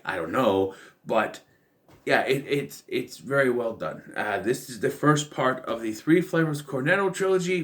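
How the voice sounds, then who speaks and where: A man's voice: mid-range voice, fairly bright tone. A man giving a casual, rambling film commentary, full of fillers and restarts. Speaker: film reviewer.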